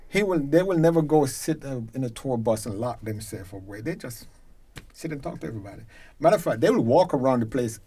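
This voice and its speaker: A man from Jamaica with a Jamaican accent, a reggae concert promoter telling stories as a guest, lively and emphatic. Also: medium pitch, fairly quick, slight background noise. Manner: lively storyteller who grows loud and emphatic. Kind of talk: animated storytelling in a conversation.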